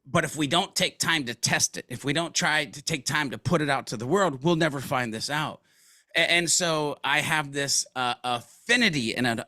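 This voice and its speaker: A man speaks as an interview guest, his voice bright and forward. He tells stories in a casual, slangy way and acts out other people's lines. The sound is dry and close, with no room echo. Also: a little high. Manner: animated storyteller, casual slang, acts out quotes. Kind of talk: conversational business interview.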